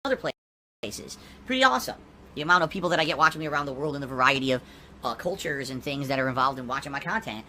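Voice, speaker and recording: A male streamer from Connecticut answers his critics quickly and defensively. His voice is bright and sharp. Faint noise hums under the recording. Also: mid-range voice, lively intonation. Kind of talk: defensive talk to his viewers.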